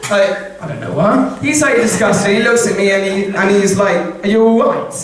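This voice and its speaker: High-voiced young man compering stand-up. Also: normal speed, fairly bright tone. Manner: rambling, self-mocking storytelling. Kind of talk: stand-up comedy. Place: live comedy show in a campus venue. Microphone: handheld mic. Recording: echoey room from a distance with audience. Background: audience laughter.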